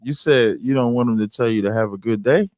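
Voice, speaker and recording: A man's voice: mid-range voice, a little fast, darkish tone, no room sound, studio quality. A man hosting a talk show who interrupts and teases his caller. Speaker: host. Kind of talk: casual talk-show banter.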